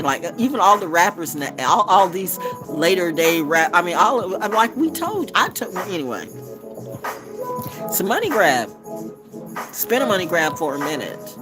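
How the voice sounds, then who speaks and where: A woman reading tarot on a livestream, blunt and profane, who laughs often and drops into freestyle rhymes. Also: deep voice. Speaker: tarot reader.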